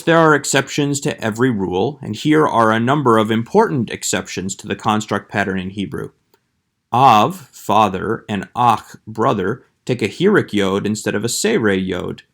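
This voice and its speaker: A man giving a scripted Hebrew grammar lecture as a voice-over, measured and slowing down to sound out each Hebrew word. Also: lowish voice. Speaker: Hebrew instructor.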